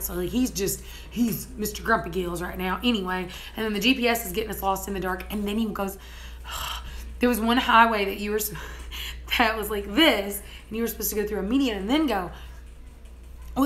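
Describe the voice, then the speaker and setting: Lively woman telling a story. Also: a little high. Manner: animated, laughs often, acts out quotes. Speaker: homestead vlogger. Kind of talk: casual storytelling vlog.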